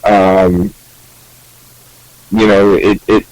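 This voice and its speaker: A man with a low, very flat voice talks slowly and hesitantly in a casual podcast chat, in halting phrases full of fillers. The sound is dry, with a radio-like quality. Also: no echo, poor audio.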